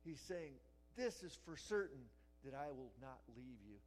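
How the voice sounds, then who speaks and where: A man's voice: mid-range voice, big pitch swings, a little slow, low-quality recording. Emphatic pastor, man preaching. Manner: emphatic, builds to loud repeated cries then drops to a quiet prayer. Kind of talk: sermon. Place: church before a congregation.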